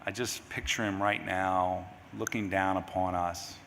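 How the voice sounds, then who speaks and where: A middle-aged grieving father giving a eulogy at a memorial service. He talks in a halting, rambling way, restarting his sentences. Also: sits low, steady tone, vocal fry, fairly bright tone. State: grieving, voice near tears. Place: large memorial service hall. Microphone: microphone at a podium. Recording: hall reverb, faint background noise.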